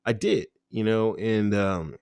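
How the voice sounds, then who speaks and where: A man being interviewed, talking casually about his time in the Air Force, laughing often and acting out quotes with sudden high-pitched voices. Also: slow pace, gravelly, darkish tone, clean tone, dry recording, studio quality. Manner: laid-back, laughs often, acts out quotes with big pitch jumps. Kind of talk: casual conversational storytelling.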